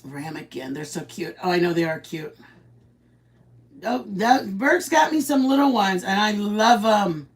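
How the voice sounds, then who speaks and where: A woman's voice: medium pitch, animated, a little slow, slightly rough. A woman chatting casually with viewers while making food in her home kitchen, rambling and greeting people by name. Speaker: vlog host. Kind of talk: casual live-stream chat while cooking.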